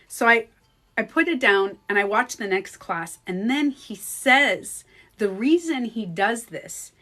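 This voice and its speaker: A woman vlogger telling a personal story in casual chat, animated and swearing freely. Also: mid-range voice. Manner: animated, swears freely, acts out quoted speech. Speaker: beauty coach vlogger.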